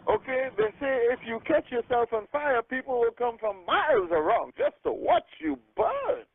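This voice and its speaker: A man leading a group call as a sales coach, giving an energetic motivational talk, checking in with "okay?" and acting out phone conversations. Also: very high-pitched, moderate pace, gravelly, breathy edge. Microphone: telephone. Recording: tinny phone line.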